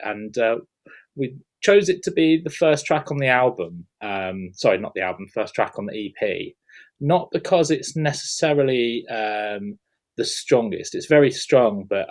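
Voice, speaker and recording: A man, a music producer, hosting a casual interview chat with lots of fillers and restarts. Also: lowish voice. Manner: hesitant, many fillers and restarts.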